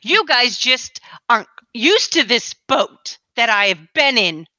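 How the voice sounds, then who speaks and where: A woman plays a defiant working woman who pushes back with sarcasm. Her voice is high and bright, dry and a little muffled. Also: sing-song, measured pace, dry recording, heavily acted. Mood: indignant. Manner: indignant, sarcastic. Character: defiant, put-upon working woman, a church cleaner.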